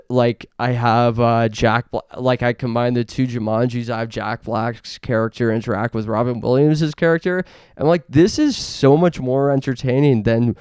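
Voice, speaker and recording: Young male podcast host from Canada, unhurried gravelly delivery, deadpan absurd riffs, dry close mic. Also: mid-range voice, no echo. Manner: absurd deadpan bits, frequent fillers. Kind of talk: rambling comedic monologue.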